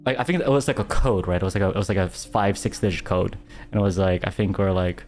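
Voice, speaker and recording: A young man streamer telling a story in casual chat, animated, with stammering restarts and frequent laughter. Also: low-pitched, quick pace, soft background music.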